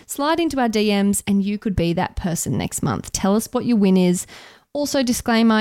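A woman's voice: medium pitch, a little mellow, dry recording. Chatty Australian woman, dry close mic. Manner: chatty, bubbly, quick to laugh. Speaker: podcast co-host, radio journalist. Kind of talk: casual podcast chat.

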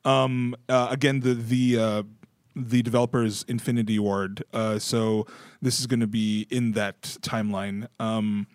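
A man's voice: on the low side, flat delivery, a little slow, clear, resonant tone, dry recording. A man co-hosting a casual talk show about gaming news, rambling with lots of fillers. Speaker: podcast co-host. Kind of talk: casual chat, reading news.

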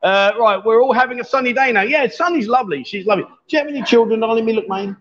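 A man's voice: extremely high pitch, fast talker, a bit bright, muffled recording. A man hosting a live stream, chatting casually and teasing his guests. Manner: joking, teasing.

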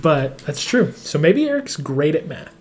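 A woman co-hosting a podcast, recapping a TV episode in casual chat, opinionated and quick to sum up scenes. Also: deep voice, very animated, darkish tone. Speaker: podcast co-host.

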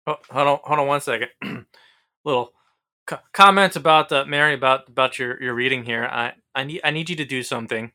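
Teasing speaker with a bright voice. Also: mid-range voice, fairly quick. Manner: teasing, stumbles and restarts. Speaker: podcast guest. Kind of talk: casual chat.

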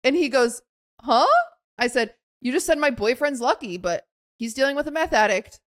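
A woman's voice: high voice, animated, normal speed. A young woman co-hosting a podcast, telling a story in a casual chat and acting out quotes with lots of fillers. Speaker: podcast co-host.

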